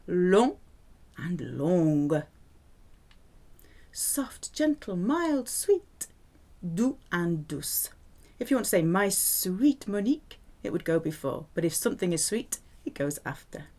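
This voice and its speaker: A woman teaching a French language lesson, clear and playful as she explains vocabulary. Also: fairly low pitch. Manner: lively, clear teaching delivery with playful asides.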